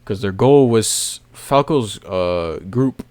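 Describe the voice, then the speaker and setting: A man casually recapping a comic chapter, rambling with many fillers and soft laughs. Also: lowish voice, animated, slow pace, no echo. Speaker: manga recap video host.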